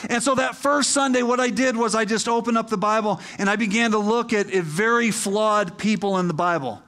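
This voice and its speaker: A man's voice: very high voice, fairly quick, few pauses, fairly bright tone. A male pastor preaching a sermon in a conversational, emphatic way that builds to rousing appeals.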